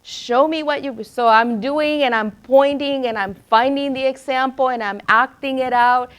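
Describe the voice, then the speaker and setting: Brief: woman in a teacher workshop, fairly high voice, animated storyteller. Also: normal speed, clear, resonant tone. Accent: Spanish. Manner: animated storyteller, acts out quotes. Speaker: former principal, literacy presenter. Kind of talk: professional development talk.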